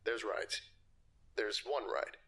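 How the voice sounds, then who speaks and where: A man's voice: lowish voice, slow, a crowd in the background. A man playing an uneasy interview subject. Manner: hushed, hesitant, half-whispered recollection. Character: frightened adult male interview subject recalling a nightmare. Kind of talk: audio drama reading.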